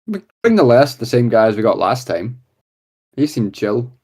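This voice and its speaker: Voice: medium pitch, very animated, normal speed, darkish tone. A tabletop game player chatting casually and bluntly.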